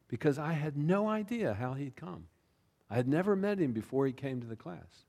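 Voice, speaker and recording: A pastor telling a personal story in a sermon, chatty and self-deprecating, often tossing in "right?" and "you know.". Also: male voice, on the high side, very animated, normal speed, darkish tone. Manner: conversational, with frequent "right?" and "you know" asides.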